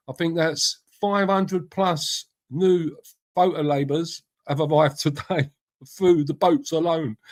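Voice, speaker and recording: Middle-aged man, casual live-stream host, rambling, matey, swears. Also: fairly high pitch. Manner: chatty, rambling, swears freely, greets viewers by name. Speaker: livestream host. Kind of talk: casual live-stream chat reading out comments.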